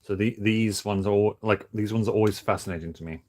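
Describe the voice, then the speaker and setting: A man streaming casually while building toys, talking in a flat, monotone way with many halting restarts. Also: on the low side, a little hiss or hum. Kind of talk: casual livestream chat.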